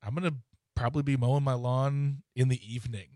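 A man's voice: medium pitch, steady tone, fast talker, dark tone, dry recording. Easygoing man, dry close sound. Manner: easygoing, rambling, plugs events. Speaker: co-host, comedy club worker. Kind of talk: casual chat.

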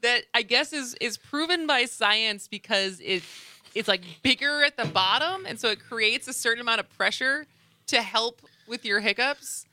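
A woman's voice: fairly high pitch, sharp tone, dry recording. A woman, a radio host, chatting casually in the studio in a chatty, laughing way. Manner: chatty, laughing, restarts quickly.

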